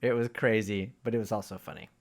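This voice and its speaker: A man hosting a casual interview, telling a story in a chatty, animated way. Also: fairly low pitch, fast talker. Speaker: host.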